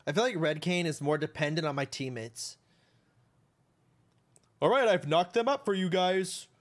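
A man's voice: on the high side, lively intonation, moderate pace. A man streaming a game and chatting casually, brash and trash-talking with plenty of swearing. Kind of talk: casual gaming stream chat.

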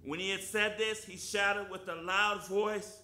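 An older man preaching a fervent sermon in church, breaking into loud hallelujahs and softening when he reads scripture. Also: high voice, fairly even intonation, a little slow, reverberant. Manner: fervent, shouting hallelujahs, drops soft for scripture. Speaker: guest preacher. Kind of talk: lively Easter sermon with scripture reading.

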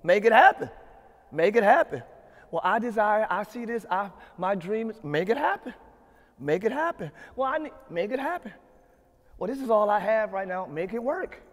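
High-voiced pastor preaching in a reverberant hall. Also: male voice, expressive, moderate pace. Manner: preaches with rising shouted emphasis and repeated refrains. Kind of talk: sermon. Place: church sanctuary.

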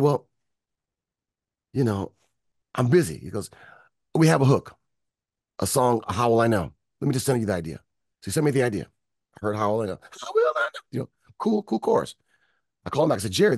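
A music producer from Michigan, guesting in an interview, animatedly tells stories and performs the voices of people he quotes. His mid-range voice carries vocal fry and is slightly rough, in a dry, clean studio recording.

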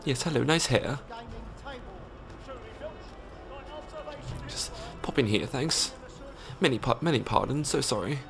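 A man putting on an overly polite posh gentleman voice, apologizing in mock courtesy. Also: medium pitch, lively intonation, moderate pace, gravelly, over music, pitched above the performer's own voice.

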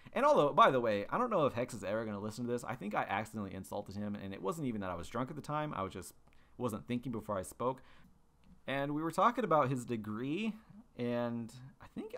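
A young man hosts a podcast, speaking in a medium-pitched, fairly bright voice. His casual monologue rambles along, full of fillers and restarts as he tells stories.

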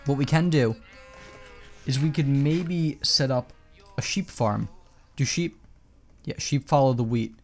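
A man talks through his gameplay in a loose, chatty way, drifting between asides and coaxing animals to follow him. His voice sits at an everyday middle pitch. Soft music plays faintly underneath. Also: measured pace, pauses often. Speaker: gameplay commentator. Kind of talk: casual gameplay commentary.

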